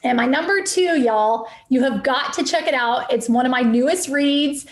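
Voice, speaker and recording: A real estate investor appears as a podcast guest, a woman whose high voice moves at normal speed and sounds roomy. She speaks with enthusiasm, passion and motivational emphasis throughout the interview.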